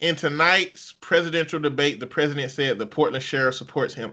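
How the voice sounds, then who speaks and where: A man with a Southern US accent, co-hosting a casual comedy podcast and telling animated stories. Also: fairly quick, hardly any pauses, muffled recording. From American South. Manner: animated storyteller, breaks into loud high-pitched outbursts. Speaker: podcast co-host.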